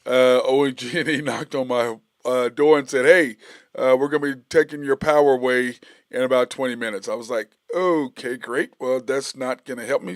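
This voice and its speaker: A middle-aged sports podcast host runs a casual solo talk show, rambling with fillers and restarts. His medium-pitched voice is recorded dry with clean studio sound, and his animated storytelling turns heated and loud when he retells a confrontation.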